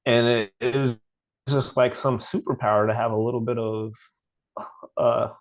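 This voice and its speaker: A man's voice: mid-range voice, level tone, normal speed, low-quality recording. A man co-hosting a podcast, telling a story in casual chat and acting out the dialogue he quotes. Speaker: podcast co-host.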